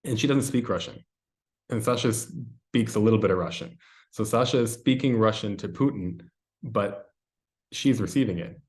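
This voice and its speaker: A man's voice: lowish voice, normal speed, darkish tone. A man as an interview guest, recounting an experience in a rambling, casual way with many fillers. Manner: rambling, filler-heavy storytelling.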